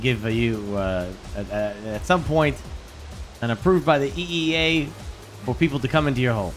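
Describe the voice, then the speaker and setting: Man, middle pitch, hesitant, stammering, deadpan role-play inspector, faint music behind. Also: normal speed. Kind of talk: in-character role-play chat.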